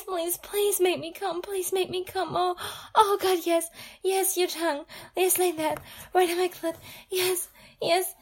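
A woman playing a breathless, pleading young princess. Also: very high-pitched. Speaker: audio role-play performer. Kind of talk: intimate audio role-play.

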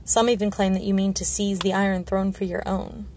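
A blunt, honest guard commander in a storybook, as a woman reads him. His words come steady and level, with a gravelly edge. A faint hiss is under the voice. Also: medium pitch, brisk, close to an everyday voice.

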